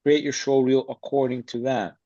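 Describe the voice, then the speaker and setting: A man's voice: medium pitch, little pitch movement, normal speed, dark tone. Blunt, streetwise man on a podcast. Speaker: podcast guest, acting coach. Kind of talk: casual interview chat. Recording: slightly dull lo-fi sound.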